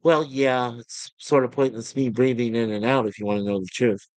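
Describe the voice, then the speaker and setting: A man's voice: mid-range voice, fairly even intonation, normal speed, no echo, pitched below the performer's own voice, natural voice. A man doing a scruffy slacker crewman. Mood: glum. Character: scruffy, self-mocking young male crewman.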